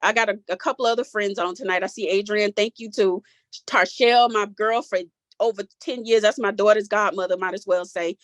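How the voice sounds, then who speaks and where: A woman's voice: mid-range voice, fairly even intonation, a little fast, no echo. A woman in her forties telling her personal story in a candid, casual way, her voice cracking as she holds back tears. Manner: candid, emotional, casual Southern-tinged speech. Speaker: guest sharing her story. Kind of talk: personal testimony in a group talk.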